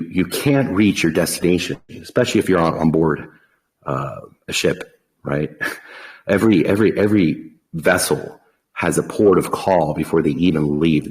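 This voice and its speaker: Very deep-voiced man hosting a podcast. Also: low-quality recording. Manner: folksy, animated pitch with long analogies. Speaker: podcast host. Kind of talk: casual podcast talk.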